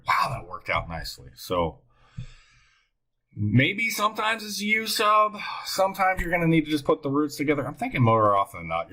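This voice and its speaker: An excitable man teaches math on a recording, thinking aloud and talking to himself as he works. His voice is bright and a little husky, and his pitch swings widely.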